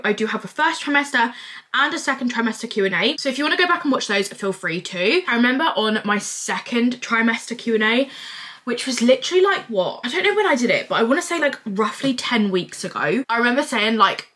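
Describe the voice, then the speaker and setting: Young girl vlogging, rambly and chatty, kinda high and bright voice. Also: lively intonation, brisk. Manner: chatty, rambling, drifts off topic. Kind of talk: casual vlog Q&A.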